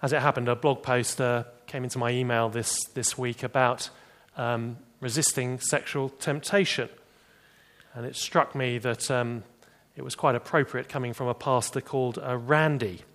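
A man preaching a sermon, animated, rising for emphasis and dropping to quiet, serious points. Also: medium pitch, normal speed. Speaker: pastor.

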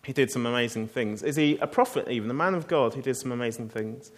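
A man's voice: mid-range voice, quick pace. A man preaching a sermon, telling the story in a conversational way and asking the listeners rhetorical questions.

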